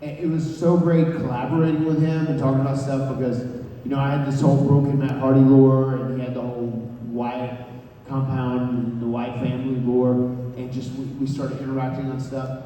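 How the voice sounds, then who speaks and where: A man's voice: medium pitch, moderate pace. Man telling stories in an echoey hall. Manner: animated, repeats words, acts out quotes. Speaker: panel guest. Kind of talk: storytelling at a convention panel. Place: large convention hall. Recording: echoey hall, distant mic, background noise.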